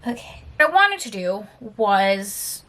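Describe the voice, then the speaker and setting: A young adult woman chatting casually as a book vlogger, tired but animated, telling stories with sassy, emphatic asides. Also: medium pitch, slow.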